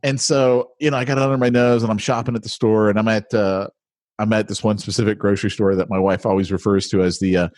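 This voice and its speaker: A man's voice: on the low side, level tone, fast talker, darkish tone, no echo. Blunt man telling a story, dry close mic. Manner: blunt, storytelling with irritated asides. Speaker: podcast co-host. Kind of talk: casual chat.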